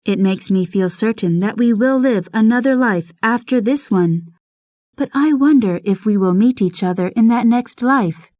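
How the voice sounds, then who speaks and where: A woman voicing a gentle, grieving young woman, speaking softly and earnestly in an audiobook, recorded close to the mic. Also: on the high side, normal speed, no room sound, natural voice. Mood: tender. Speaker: Charlotte. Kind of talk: audiobook dialogue reading.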